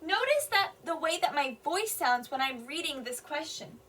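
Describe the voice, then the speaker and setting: A woman teaching a kindergarten reading lesson, slowly and patiently sounding out words for young children in an encouraging way. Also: high voice, animated, a bit bright, distant mic, slight background noise. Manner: slow, exaggerated sounding out of words.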